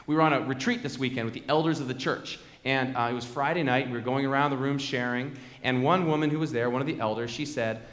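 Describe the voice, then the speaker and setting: A man's voice: medium pitch, fast, hardly any pauses, a bit bright. A man preaching a sermon as pastor, conversational and fond of repeated refrains, in a large church sanctuary. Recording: echoey hall with long reverb.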